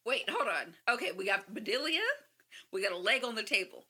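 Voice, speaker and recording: Bright-voiced excitable woman reacting. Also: a little high, fairly quick, breathy edge. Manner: excitable, talks back to the screen; emotional, gushing. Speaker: reaction video host. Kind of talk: casual reaction commentary.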